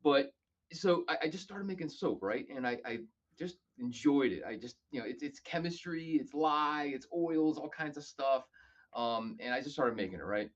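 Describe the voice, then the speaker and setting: A man telling stories casually as a podcast guest, animated and acting out other people's lines. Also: fairly high pitch, normal speed, highs cut off. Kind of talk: casual storytelling.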